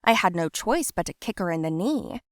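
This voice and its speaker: A young adult woman telling a scripted first-person story in a plain, steady way. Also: on the low side, normal speed, a little hiss or hum. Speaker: narrator.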